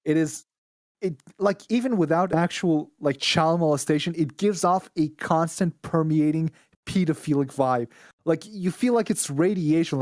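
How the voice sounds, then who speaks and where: A man's voice: a little high, darkish tone, no room sound, clean studio sound. A man from Israel, a podcast guest, ranting bluntly and with plenty of swearing in casual chat.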